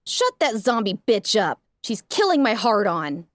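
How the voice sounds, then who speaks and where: A woman's voice: mid-range voice, very animated, measured pace, no room sound, studio quality. A woman voicing a cruel unicorn slaver who snarls threats, in an audiobook reading. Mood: vicious.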